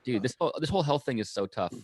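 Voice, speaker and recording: A man co-hosting a podcast, excitable and enthusiastic in casual banter, swearing now and then. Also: mid-range voice, very fast, husky, dry recording. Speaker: podcast co-host.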